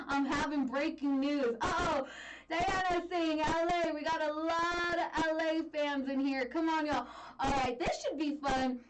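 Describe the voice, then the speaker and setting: An upbeat woman hosts a live stream in a bright, high voice, greeting viewers by name in easy casual chat. She sits a little back from the mic. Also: far from the mic, background noise. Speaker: livestream host. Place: Denver, Colorado.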